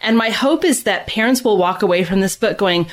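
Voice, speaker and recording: A middle-aged woman, a guest author, chatting in a casual podcast interview, animated and full of fillers. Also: medium pitch, a little fast. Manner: chatty and animated, many fillers, laughs easily. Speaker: guest author of a parenting book.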